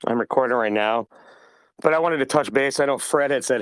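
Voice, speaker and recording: Man, mid-pitched, dry close sound, rambling and profane, casual AMA host. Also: animated, fast, dry recording. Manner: rambling and blunt, swears freely, acts out customer dialogue. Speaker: project founder hosting an AMA. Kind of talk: casual unscripted monologue.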